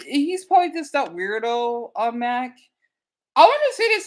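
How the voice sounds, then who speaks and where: A man talking casually to his live stream viewers, his voice sitting fairly high and jumping all over as he rambles. He answers his chat in an animated way and bluntly tells off trolls. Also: takes it slowly.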